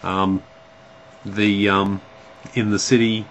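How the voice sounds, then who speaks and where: A man's voice: fairly low pitch, little pitch movement, slow pace, fairly bright tone, slight background noise, rough recording. A man with an Australian accent chatting casually to camera in a vlog, hesitant and full of ums and restarts. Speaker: vlogger.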